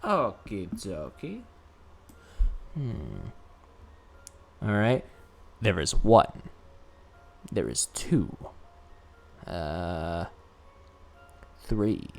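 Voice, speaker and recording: A man casually commenting while streaming a puzzle game, chatty and quick to laugh. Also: fairly low pitch, wildly swooping pitch, creaky, soft background music.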